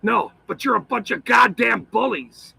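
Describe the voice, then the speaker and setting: A man in a profane, shouting monologue, ranting as the host of his own channel. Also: extremely high pitch, measured pace, creaky, husky, dry recording, rough recording. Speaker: citizen auditor channel host.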